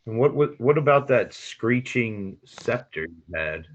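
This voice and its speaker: A man playing a tabletop game, asking curious, halting questions. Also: medium pitch, expressive. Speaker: player. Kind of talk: tabletop role-play questioning.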